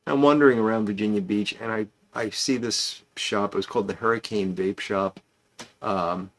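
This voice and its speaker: A man's voice: lowish voice, fairly even intonation, normal speed, a bit bright. A man hosting a casual pipe-smoking livestream, rambling and chatty as he greets viewers by name.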